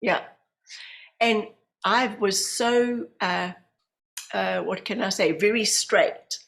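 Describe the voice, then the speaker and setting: New Zealand woman telling a lively story. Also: mid-range voice, slow pace, creaky. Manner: animated storyteller, acts out quoted voices. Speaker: guest, medium and hypnotherapist. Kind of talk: storytelling in a podcast interview.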